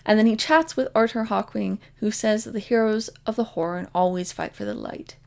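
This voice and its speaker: A woman talking through a book she loves, with a steady middle-pitched voice that often slips into a gravelly fry. She retells the plot casually and sprinkles in "like" and "basically". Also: moderate pace. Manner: emotionally invested in the story. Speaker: book vlogger. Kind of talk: casual spoken book summary.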